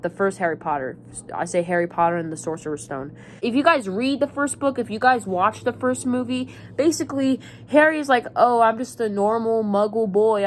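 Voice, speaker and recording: A woman's voice: mid-range voice, slight background noise. A woman vlogger talking casually to her viewers, rambling and repeating herself with many restarts. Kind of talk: casual rambling vlog talk.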